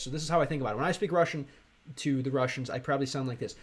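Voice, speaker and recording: An American man from Chicago chatting casually on a livestream, rambling and halting, with many fillers and restarts. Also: mid-range voice. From Chicago, USA. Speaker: streamer and language learner.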